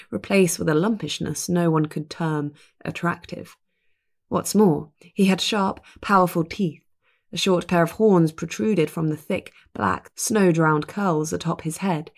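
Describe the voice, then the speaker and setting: A woman narrating a fantasy audiobook in a measured, even reading. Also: fairly low pitch, creaky. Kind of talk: scripted narration.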